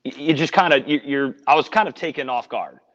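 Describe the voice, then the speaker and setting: A man's voice: medium pitch, a little fast, fairly bright tone. A man working as a sports radio reporter, telling a story in a casual podcast chat, earnest and rambling with frequent restarts. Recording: dull lo-fi audio with long reverb.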